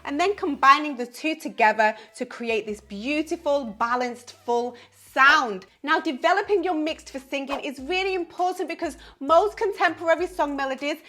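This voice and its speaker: A woman's voice: high-pitched, moderate pace, hardly any pauses, sharp tone. A woman vocal coach giving an upbeat singing lesson to camera, explaining with the odd "you know" and "um".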